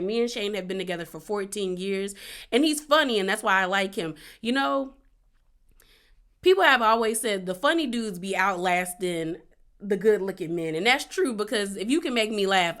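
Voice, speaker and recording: A woman casually recapping a reality show episode, chatty with lots of filler words and quick laughs. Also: mid-range voice, a bit bright, clean tone.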